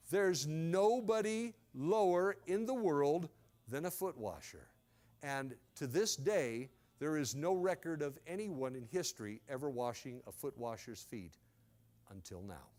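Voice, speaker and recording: A man's voice: fairly high pitch, big pitch swings, a little slow, a little mellow. A male pastor preaching a sermon as dramatic storytelling, with asides to the congregation.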